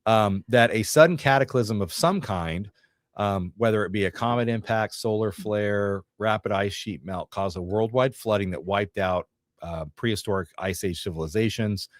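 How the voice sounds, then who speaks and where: A man's voice: on the low side, normal speed, no echo, studio quality. A man hosting a casual podcast, explaining theories in a rambling, self-correcting way. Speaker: podcast host. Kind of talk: casual chat.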